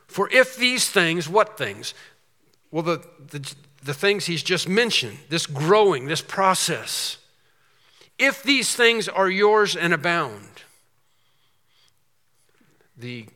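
A man's voice: a little high, sharp tone, long reverb tail. A man preaching an expository sermon, asking questions and answering them with emphasis. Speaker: pastor.

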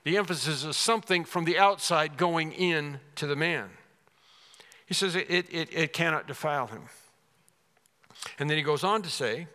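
A man's voice: a little high, normal speed, bright, forceful tone, long reverb tail. A man preaching a sermon as pastor, emphatic and repeating key words for stress. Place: church sanctuary.

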